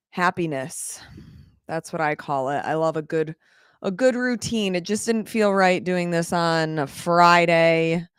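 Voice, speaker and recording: A woman's voice: on the low side, smooth, no room sound, clean studio sound. A woman hosting a casual livestream, chatting candidly with viewers and laughing often as she talks. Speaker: livestream host.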